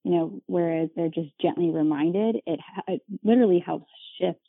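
Husky woman guest on a tinny line. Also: fairly low pitch, moderate pace, no room sound. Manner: lively, acts out children's voices when telling examples. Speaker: podcast guest; parent of young children. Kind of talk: casual chat. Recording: tinny phone-line sound.

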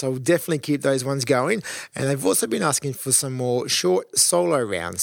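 A man's voice: fairly high pitch, vocal fry, dry recording, studio quality. A man hosting a solo podcast episode, talking in an earnest, encouraging way with frequent ums and restarts. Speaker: podcast host.

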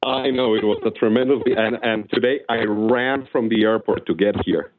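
A man calling in to a radio show, talking haltingly with many restarts. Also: on the low side, slight background noise. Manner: hesitant, many restarts and fillers. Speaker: caller. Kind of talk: casual call-in chat. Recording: tinny phone line.

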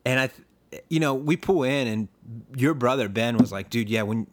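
A man at an ordinary middle pitch tells a long story in a relaxed podcast chat. He chuckles often and rambles, restarting lines and leaning on fillers as he goes. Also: moderate pace.

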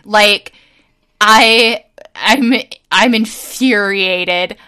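A woman co-hosting a casual chat podcast, swearing freely and ranting with low energy, full of fillers and halting restarts. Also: sharp tone, clean tone. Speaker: podcast co-host.

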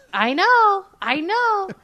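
A woman's voice: extremely high pitch, big pitch swings, extremely slow, pushed and bright, no echo. A woman in her thirties co-hosting a podcast, telling stories in a chatty, giggly way. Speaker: podcast co-host. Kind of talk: casual chat.

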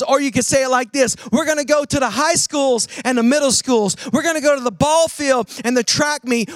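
A man preaching a sermon, calling on the audience to answer and swinging between loud urging and hushed emphasis. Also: extremely high pitch, no room sound, clean studio sound. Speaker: pastor.

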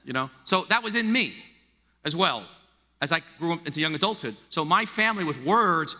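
A middle-aged American man preaching a sermon, animated and acting out the voices he quotes. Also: fairly high pitch, brisk. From United States. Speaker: pastor. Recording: long hall reverb.

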